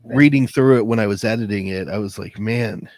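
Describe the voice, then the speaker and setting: A man's voice: fairly low pitch, quick pace, a little mellow, no room sound. A man who works as an editor, talking in a casual podcast chat, thinking aloud and hunting for words. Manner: thoughtful, searching for words with fillers. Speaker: editor and literary coach.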